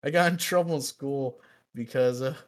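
A man's voice: medium pitch, moderate pace. A young man co-hosting a podcast, telling a long story in casual chat, swearing and laughing as he goes. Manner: animated, profane, laughs through the story. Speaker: podcast co-host.

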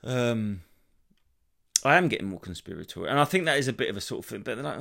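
A man's voice: fairly low pitch, fairly quick, gravelly. A man, hosting a solo comedy podcast and rambling sweary stories with lots of restarts. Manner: rambling, sweary, animated storytelling. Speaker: podcast host.

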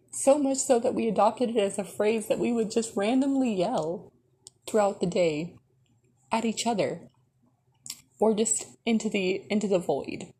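A young woman hosting a podcast, telling stories in a casual, animated way and swearing freely. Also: mid-range voice, husky. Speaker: podcast host. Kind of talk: casual storytelling.

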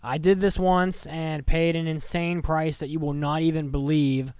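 A young man with a fairly high, smooth, clear voice. He chats on a podcast in a joking, playfully dramatic way. The sound is close and dry. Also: level tone, normal speed, darkish tone, dry recording. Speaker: podcast co-host. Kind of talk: casual chat.

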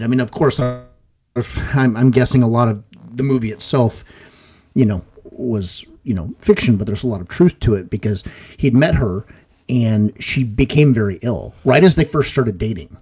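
Husky-voiced man in casual podcast chat. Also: medium pitch, lively intonation, normal speed. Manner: rambling, laughs a lot, acts out scenes in a loud voice. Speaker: podcast co-host.

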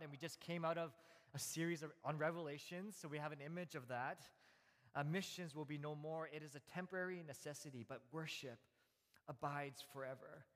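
Male pastor, 30s, slightly high voice, easygoing sermon delivery full of "uh"s and restarts, long church-hall reverb. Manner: relaxed storytelling with frequent fillers and restarts. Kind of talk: conversational sermon.

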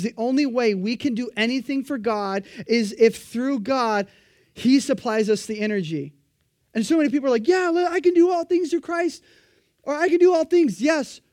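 A man preaching a sermon, animated and emphatic, acting out the voices of the people he quotes. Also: very high-pitched, dry recording, clean studio sound.

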